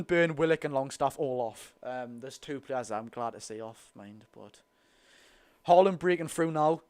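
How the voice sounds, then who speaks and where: A man's voice: medium pitch, normal speed, a little mellow. Blunt Geordie man streaming live football. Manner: blunt, chatty, thanks viewers between reactions to play. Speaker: football watch-along streamer. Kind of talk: live watch-along commentary and chat.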